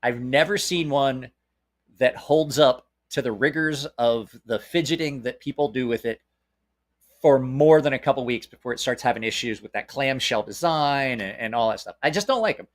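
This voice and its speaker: A man's voice: mid-range voice, moderate pace. A man with a Southern American accent chats casually about gear in a mid-range voice. He is blunt and opinionated, and swears without hesitation. His sentences often stall and restart before he gets to the point. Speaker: knife channel host. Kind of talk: casual live-stream chat.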